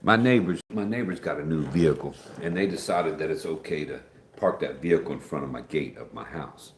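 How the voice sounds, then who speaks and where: A man's voice: rumbling low, a little fast, reverberant. A man hosting a casual livestream, chatting folksily and reading out viewer comments, calling everyone man or dude. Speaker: livestream host.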